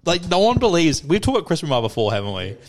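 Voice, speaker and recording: A man bantering on a casual podcast. He talks fast with a bouncy, animated pitch, throwing in jokes and interjections. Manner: quick, joking, interjecting. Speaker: podcast co-host.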